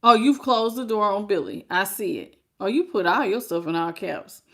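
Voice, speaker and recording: A woman's voice: mid-range voice, expressive, normal speed, fairly bright tone. A woman hosting a live tarot reading. She talks frankly and folksily, greets viewers by name and calls them baby. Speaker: tarot reader.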